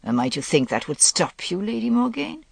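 A woman's voice: mid-range voice, sing-song, moderate pace, creaky, breathy edge, no echo, voice pushed up, exaggerated voice. A woman voicing a cruel, lustful young man who sneers and snarls, dropping into harsh whispers, in an audiobook reading. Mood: sneering.

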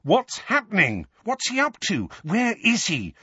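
A man's voice: high voice, wildly swooping pitch, unhurried, bright, forceful tone, breathy edge, dry recording, lo-fi sound, pitched above the performer's own voice, heavily acted. A man reading an audiobook, voicing an angry, resentful teenage boy who talks sharply and demandingly.

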